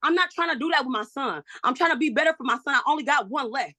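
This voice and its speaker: A frustrated woman pleads her case in a court hearing, calling in over video from her home. Her voice sits a little high and cuts bright and sharp. The sound is close and dry. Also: expressive, fast talker, no room sound. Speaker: mother in a guardianship hearing. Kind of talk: emotional court testimony.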